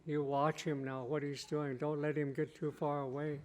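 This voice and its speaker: A man's voice: a little high, level tone, darkish tone, lightly acted. A man voicing a stern old grandfather who lives under the water, in a spoken folk tale. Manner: stern, unhurried.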